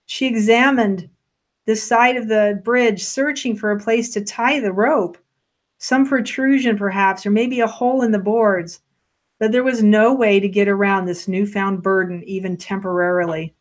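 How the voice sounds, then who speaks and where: A woman narrating a story in a gentle, unhurried way. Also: medium pitch.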